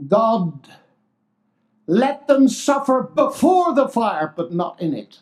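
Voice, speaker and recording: An older man preaching a sermon, expressive and exclamatory, swinging between loud declarations and hushed asides. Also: very high voice, slow.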